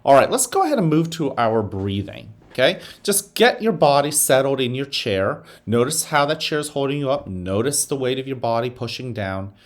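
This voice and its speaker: A man speaking as a school principal, giving morning announcements to students and leading a guided breathing exercise in a slow, soothing way. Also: medium pitch, lively intonation.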